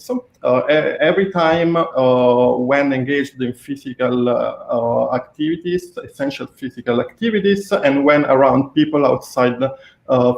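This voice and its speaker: A man's voice: medium pitch, darkish tone. A man with an Italian accent, a researcher guest on a video call, explaining study findings hesitantly with many fillers and restarts. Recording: echoey room on a call.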